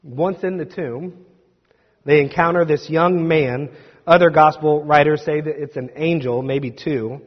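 In a dull recording with long hall reverb, a male pastor delivers a sermon in church in a slightly high, steady, unhurried voice. He is conversational and emphatic and makes asides to the congregation.

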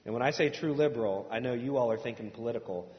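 A man's voice: medium pitch, fast. A man from Indiana preaching a sermon to a congregation, telling a story in a conversational way and asking the room questions. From Indiana, USA. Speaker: pastor. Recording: echoey hall, dull sound.

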